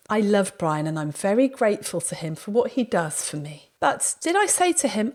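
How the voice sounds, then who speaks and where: A woman hosting a podcast, telling anecdotes in a lively, casual way. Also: medium pitch, normal speed, few pauses. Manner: lively storytelling, acts out quoted speech. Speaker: podcast host.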